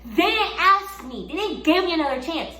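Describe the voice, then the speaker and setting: A young woman telling a storytime testimony in an animated way, repeating phrases and rising into exclamations. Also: very high voice, normal speed. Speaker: vlogger. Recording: echoey room, faint background hum.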